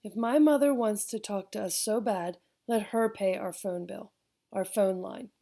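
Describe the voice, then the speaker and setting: A woman's voice: mid-range voice, unhurried, vocal fry, mellow. A woman voicing a bitter, dismissive mother who talks curtly and sarcastically, in an audiobook. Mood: sarcastic. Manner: curt, sarcastic.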